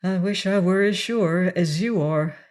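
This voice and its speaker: A good-humoured young man teases and presses his point gently, as a woman reads him. He speaks slowly, at an easy storybook pace. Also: lowish voice, close to an everyday voice. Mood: teasing. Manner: teasing, gently insistent. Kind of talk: audiobook character reading.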